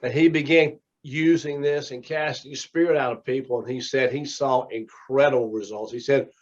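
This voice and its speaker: A man teaching a small class, talking in a rambling, conversational way as he tells stories. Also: medium pitch. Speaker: teacher and minister. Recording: dull lo-fi recording.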